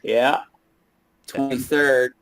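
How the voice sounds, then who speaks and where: A man's voice: medium pitch, little pitch movement, drawn-out words, fairly bright tone, slight background noise. A man co-hosting a casual live call, laughing often and swearing freely. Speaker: co-host of a chart analysis call.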